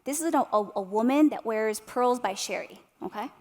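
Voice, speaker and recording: Woman in her 30s, motivational keynote, animated storyteller, slightly high voice, reverberant hall. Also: normal speed. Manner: animated storyteller, addresses audience directly with tag questions. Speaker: keynote speaker. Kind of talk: motivational speech. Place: large hall at an arts center.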